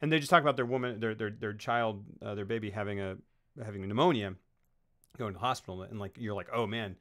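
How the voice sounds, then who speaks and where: Rambling man with a bright voice. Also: fairly low pitch, fast. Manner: rambling, animated retelling of scenes. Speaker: podcast co-host. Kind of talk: casual film discussion.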